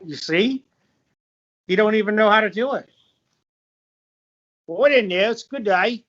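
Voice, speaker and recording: A man's voice: high voice, lively intonation, a little slow, a bit bright, muffled recording. A man hosting a casual interview, easygoing and plain-spoken. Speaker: host.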